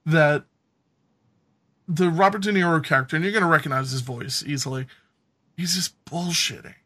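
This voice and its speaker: A man's voice: fairly high pitch, fairly quick, fairly bright tone. A man casually explaining a film scene in loose conversational talk. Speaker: film commentator. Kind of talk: casual commentary.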